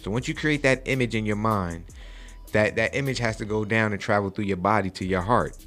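A man in his forties with a lowish voice hosts a casual podcast. He gives preachy motivational speeches, checking in with a repeated "okay?". Faint music plays behind him. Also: a little fast, fairly bright tone. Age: 40s. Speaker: podcast host.

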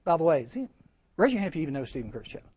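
A man preaching a storytelling sermon at a teen camp chapel, animated and acting out the voices he quotes. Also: a little high, rapid-fire, breathy edge.

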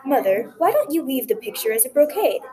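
A woman's voice: high-pitched, big pitch swings, a little fast, dark tone. A woman voicing an earnest young son who is devoted to his mother and talks with concern.

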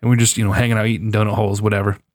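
A young man co-hosting a casual gaming podcast, animated and quick to swear and laugh. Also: fairly low pitch, no room sound, clean studio sound. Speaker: podcast co-host. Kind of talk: casual chat.

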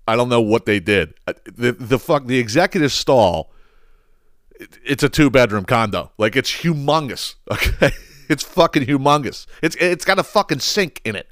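A man tells a story in a loose, comedic podcast rant. He swears freely and stumbles over repeated words. His voice is mid-pitched and sits close and dry on the mic. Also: normal speed, no echo. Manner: animated, profane ranting with frequent restarts. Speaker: podcast host.

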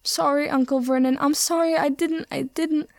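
A woman's voice: sits high, fairly even intonation, normal speed, no echo, clean studio sound, voice pushed up. A woman voicing a frightened teenage boy who whimpers and stammers through tears. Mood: sobbing.

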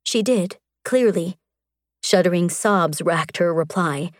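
A woman reading a romance audiobook in a measured, expressive narration. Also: lowish voice, no room sound, clean studio sound.

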